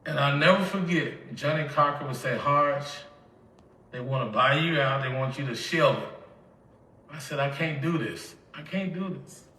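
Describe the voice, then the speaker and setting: Heard from a distance in an echoey room, a tearful older Mississippi man with a Southern drawl gives an emotional personal testimony. He recounts his life by playing out remembered dialogue, his voice medium-pitched, pushed and bright, at a moderate pace.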